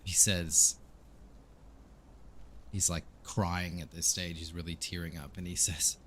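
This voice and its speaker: A slow-spoken man runs a tabletop game, narrating in hesitant bursts. His voice is husky and sits a little low. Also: flat delivery, fairly bright tone. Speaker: game master.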